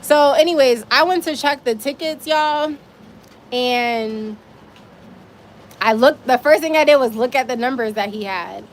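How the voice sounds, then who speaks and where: A woman telling her own story on a casual livestream, animated and emphatic, swearing now and then. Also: sits high, a little slow, slight background noise.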